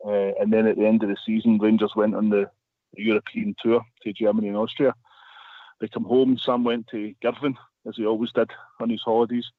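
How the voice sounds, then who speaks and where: A man's voice: lowish voice, no echo. A man telling a long story as a radio guest, rambling with many restarts. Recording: phone line.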